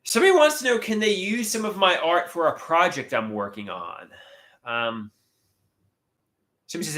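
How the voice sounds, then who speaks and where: Animated man in his thirties live-streaming. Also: fairly high pitch, moderate pace, pauses often. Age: 30s. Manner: chatty, reads out viewer comments, stammers and restarts. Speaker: livestream host. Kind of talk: casual live-stream chat.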